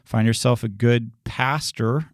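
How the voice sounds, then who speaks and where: A man speaking as a pastor in a relaxed sermon discussion, earnest and reassuring, often restarting his sentences. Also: mid-range voice, unhurried, no room sound, clean studio sound.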